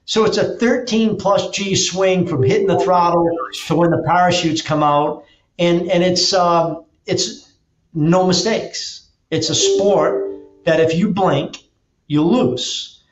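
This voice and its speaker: A man guest on a podcast, an energetic storyteller who acts out quotes and restarts his sentences often. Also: sits high, slow pace. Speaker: podcast guest, auto dealer and drag racer. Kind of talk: casual interview talk. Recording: roomy, dull lo-fi sound.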